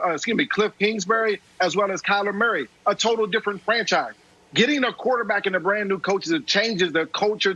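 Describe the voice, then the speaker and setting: Brief: ex-player male analyst, high-pitched and emphatic, on a dull remote feed. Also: pushed and bright, slightly rough. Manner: emphatic, repeats key phrases. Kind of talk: sports debate commentary.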